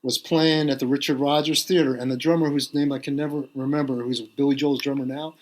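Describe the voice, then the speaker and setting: A middle-aged man, a drummer being interviewed on a podcast, telling a long anecdote with lively quoted voices. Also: mid-range voice, brisk. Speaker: guest drummer.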